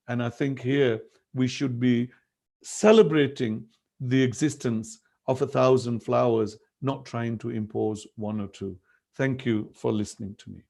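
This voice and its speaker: A man's voice: mid-range voice, measured pace, creaky, darkish tone. A middle-aged man from England, giving an earnest academic talk over a video call and telling stories with quoted dialogue. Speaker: guest speaker.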